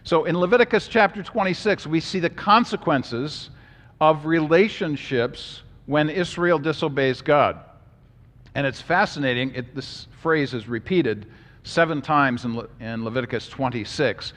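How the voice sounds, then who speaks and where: Emphatic man lecturing in a reverberant hall. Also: on the high side. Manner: animated, emphatic, joking asides. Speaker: Bible teacher. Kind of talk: classroom lecture with slides.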